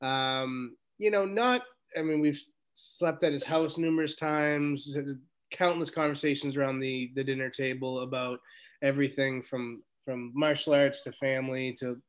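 A man's voice: mid-range voice, steady tone, normal speed, clear, resonant tone. A man guest on a podcast, thinking aloud as he recalls years of friendship. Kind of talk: casual recollection.

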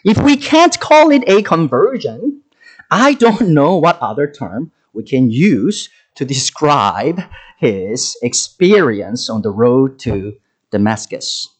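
Man, pastor, sermon, animated intonation, casual fillers and restarts. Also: medium pitch, takes it slowly, breathy edge, poor audio. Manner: lively preaching with many fillers and restarts.

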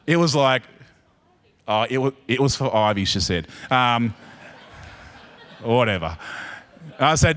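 An Australian-accented pastor delivers a sermon, alternating between quiet, chatty asides to the congregation and loud, emphatic peaks. His voice is mid-range with lively intonation, and he speaks a little slowly.

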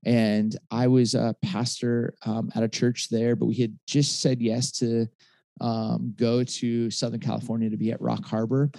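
A man's voice: medium pitch, little pitch movement, unhurried, creaky, dark tone, no echo. A man in his forties, a pastor and author, telling a personal story in a conversational interview, with many restarts and fillers. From Michigan.

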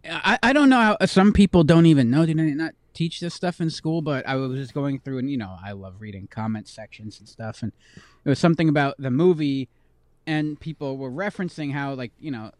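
A man co-hosts a casual podcast with an easygoing, chatty delivery. His voice sits a bit higher than most men's. The sound is dry and close. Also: brisk, darkish tone, no echo. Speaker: podcast co-host. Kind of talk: casual chat.

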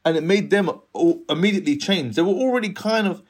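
A man in his thirties tells a long story in casual conversation, his slightly high voice a little husky. He acts out the people he talks about and laughs often as he goes. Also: fast. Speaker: guest telling a story.

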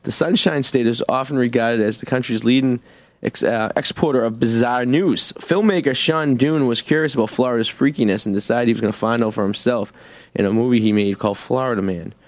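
A man's voice: medium pitch, a little fast, no echo. A man hosting a comedy radio show who reads odd news stories aloud and cracks crude jokes. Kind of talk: casual comedy radio chat.

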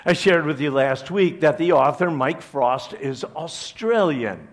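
A man's voice: on the high side, animated, unhurried. A man from Chicago, a pastor, preaching a conversational sermon to his church with joking asides. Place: church service.

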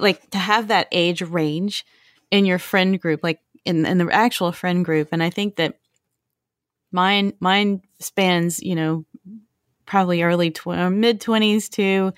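A woman's voice: lowish voice, fairly even intonation, measured pace, clear, resonant tone, dry recording, studio quality. A woman hosting a casual conversation, reflective and encouraging. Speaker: host. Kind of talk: casual interview chat.

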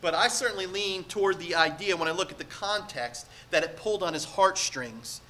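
A man's voice: sits high, a little fast, bright, forceful tone, a little hiss or hum. A man preaching a sermon to a congregation, earnest and emphatic, asking the room rhetorical questions. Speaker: pastor.

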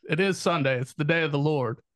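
A man's voice: on the high side, fairly quick. A man co-hosting a podcast in a taproom, rambling through crude casual banter with heavy swearing and frequent laughter. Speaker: podcast co-host.

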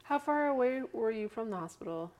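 A woman's voice: fairly high pitch, expressive, a little fast, darkish tone, a little hiss or hum. A woman interviewing a guest, asking brief, attentive questions in a conversational tone.

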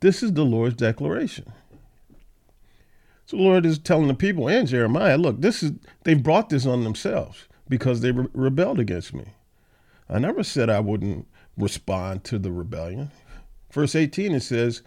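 This man hosts a Bible study podcast, reading verses aloud and then explaining them in plain, conversational terms. His mid-range voice has a sing-song lilt and a darkish tone, and he moves at a moderate pace.

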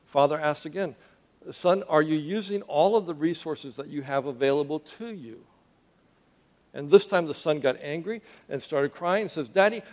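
A man preaching a sermon who calls out questions to the congregation and drops into quiet, earnest intensity as he tells a story. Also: fairly high pitch. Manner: call-and-response with the congregation, dropping to quiet intensity.

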